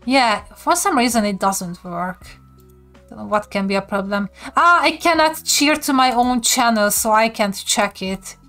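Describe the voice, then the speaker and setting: On a live stream, a woman with a Hungarian accent casually teaches viewers basic words, giggling often as she reads and answers the chat. Her voice is a little high and a bit bright, with lively intonation and a measured pace, and faint music plays behind her.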